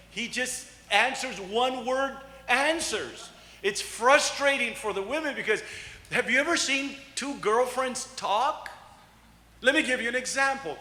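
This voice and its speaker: Male pastor, high bright voice, animated joking sermon, echoey church hall with long reverb. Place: church sanctuary.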